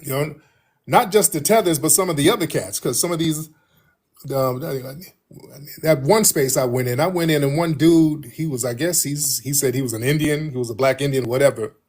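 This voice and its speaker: A man's voice: a little high, moderate pace, darkish tone, husky. A man hosting a livestream in casual chat, telling stories in a slangy, laid-back way. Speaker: livestream host.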